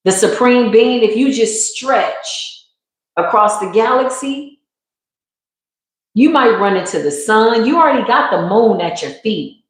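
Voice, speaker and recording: A woman's voice: on the high side, animated, a little slow. A woman giving a live spiritual tarot reading in a slangy, emphatic, preacherly way. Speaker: tarot reader. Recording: very echoey room.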